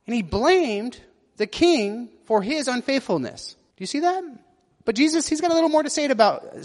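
A man's voice: extremely high pitch, long reverb tail. A man preaching a sermon, reading scripture aloud and asking his listeners questions as he explains it. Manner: asks the listeners questions, reads verses with voiced quotes.

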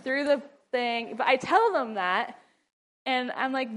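A middle-aged woman talks through parenting advice in a loose, chatty way, breaking into laughter often. Her voice sits a little high, and she slips into a firm, scolding tone when she acts out what she tells her kids. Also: slow pace, fairly bright tone, a little hiss or hum. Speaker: mother and ministry wife giving parenting advice. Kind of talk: casual advice talk.

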